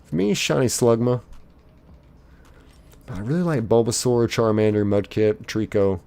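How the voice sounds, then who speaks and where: A man's voice: fairly low pitch, normal speed, gravelly, warm tone, soft background music. A man streaming live, casually reading viewers' chat messages aloud in a chipper lilt and chatting back.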